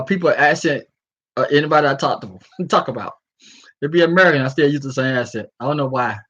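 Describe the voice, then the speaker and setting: A man in a casual vlog, ranting loosely and stumbling over a word now and then, with a voice a little high for a man. The audio is dull and lo-fi. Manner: animated, freestyling rant with stumbles over words. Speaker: vlogger. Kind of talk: casual commentary and article reading.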